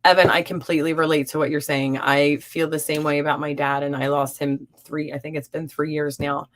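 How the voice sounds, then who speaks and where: Low-voiced woman hosting a live stream. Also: little pitch movement, a little fast. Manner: warm, encouraging and upbeat. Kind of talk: live-stream chat reading viewer comments.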